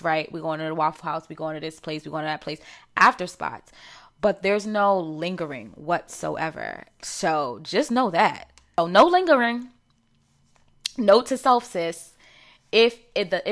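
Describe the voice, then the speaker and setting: Chatty New York woman with a low voice. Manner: chatty, animated, slangy with many fillers. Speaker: podcast host. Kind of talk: casual solo chat.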